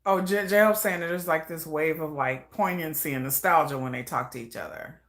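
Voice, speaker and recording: A chatty woman talks through a live reaction stream, her voice sitting a little low for a woman. She rambles loosely, trails off into soft asides, then pops up into excited, animated bursts. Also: normal speed. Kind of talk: casual live reaction commentary.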